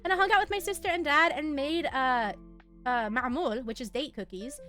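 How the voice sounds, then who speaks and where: A woman's voice: high-pitched, normal speed, bright, forceful tone, soft background music. A young woman streaming from home, chatting casually with viewers in a giggly, bubbly, teasing way, laughing often. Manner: bubbly, teasing banter with chat. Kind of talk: casual chat with live viewers.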